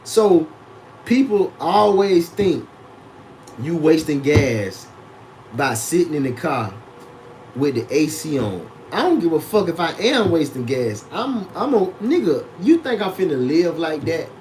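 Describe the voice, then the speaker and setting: Profane, animated male streamer ranting. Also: on the high side, unhurried, slight background noise, rough recording. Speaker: streamer reacting to clips. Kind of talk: livestream reaction commentary.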